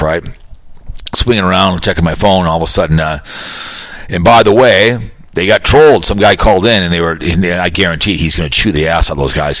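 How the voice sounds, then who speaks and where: A man's voice: deep voice, fairly bright tone, no room sound. A man hosting his own podcast, rambling and swearing in a casual, joking monologue. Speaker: podcast host.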